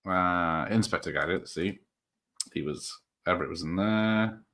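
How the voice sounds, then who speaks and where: A man's voice: low-pitched, measured pace, pushed and bright. A man hosting a casual live stream, rambling through comments with frequent fillers and chuckles. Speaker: host of a live show.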